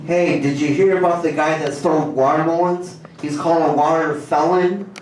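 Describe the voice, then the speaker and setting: A man doing stand-up at an open mic in a small cafe, telling corny one-liners in a casual, halting way. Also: a little high, fairly even intonation, slight background noise. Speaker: stand-up comedian. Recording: very echoey room, distant mic.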